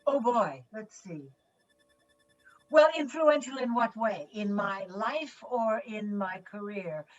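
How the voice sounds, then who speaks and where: An older woman tells a story with lively, playful energy and slips into little voices and sound effects as she goes. Her voice sits at an ordinary pitch for a woman. The audio is muffled and comes from a little way off the mic, like a video call. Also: takes it slowly, far from the mic, a little hiss or hum. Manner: animated storyteller who acts out voices and sounds. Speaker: guest actress. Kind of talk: anecdote in a virtual conversation.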